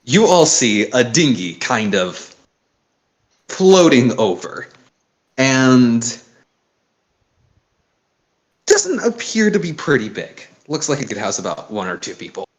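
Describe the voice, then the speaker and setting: Lively male game master narrating. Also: mid-range voice, slow pace, pauses often. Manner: casual, descriptive, self-correcting.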